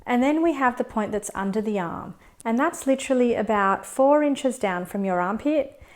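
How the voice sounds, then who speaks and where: A woman coaching viewers through a tapping routine, explaining each step in a calm, gentle, measured way. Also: on the high side. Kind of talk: step-by-step instruction.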